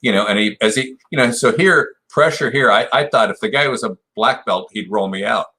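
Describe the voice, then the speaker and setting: A man's voice: on the low side, fairly quick, sharp tone. A man in his sixties, a guest in a podcast interview, telling a long story with many restarts and "you know" fillers. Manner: rambling retelling, full of "you know" and restarts. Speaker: podcast guest, martial arts black belt.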